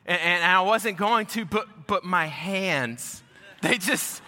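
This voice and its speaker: A man's voice: sits high, slow pace, sharp tone, faint music behind, full character voice. A man voicing his tearful little preschool daughter as he retells her excuse in a sermon, in an echoey hall. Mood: pleading. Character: small tearful preschool girl.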